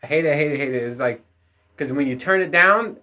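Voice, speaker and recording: Fast and forceful, a man with a slightly high, bright voice rants on his solo podcast. He's an adult parent, and his talk is profane and rambling, full of asides and frequent laughter.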